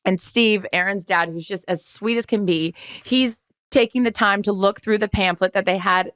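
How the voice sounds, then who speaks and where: A woman in her thirties co-hosting a podcast, telling animated stories in casual chat. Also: mid-range voice, normal speed, no room sound, clean studio sound. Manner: animated storyteller, mimics others' voices in anecdotes. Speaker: podcast co-host.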